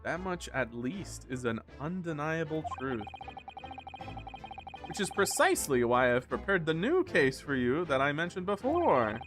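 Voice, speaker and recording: Formal, measured lord, read by a male streamer, slightly higher voice, over game music. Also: very animated, fairly bright tone. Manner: measured, formal, faintly condescending. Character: composed, formal British lord, middle-aged man. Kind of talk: reading game dialogue aloud.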